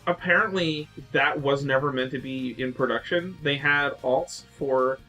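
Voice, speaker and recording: A man co-hosting a casual podcast chat, rambling excitedly with lots of fillers and acting out quotes in voices. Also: medium pitch, unhurried, soft background music. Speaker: podcast co-host.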